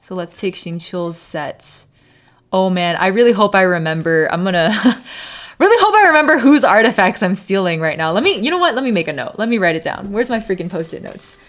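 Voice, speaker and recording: A woman live-streaming a game, chatting casually and thinking aloud, breaking into laughs and sometimes slipping into Mandarin. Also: a little fast. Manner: laughs often, bursts into high excited yelps. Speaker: variety streamer.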